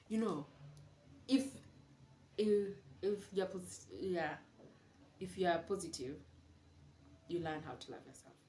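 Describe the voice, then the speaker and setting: A woman's voice: fairly low pitch, darkish tone. A young woman speaks candidly to her camera, confiding and reflective. Her voice rings in an echoey room at home, with a faint hum of background noise. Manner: candid, confiding, mixes in Swahili words. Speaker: vlogger. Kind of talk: casual reflective monologue.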